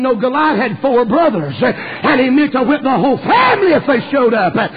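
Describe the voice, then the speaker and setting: A man's voice: extremely high pitch, very animated, fairly quick, husky. A male preacher, preaching an impassioned storytelling sermon full of "uh" fillers. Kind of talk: fervent sermon. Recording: dull recording with long hall reverb.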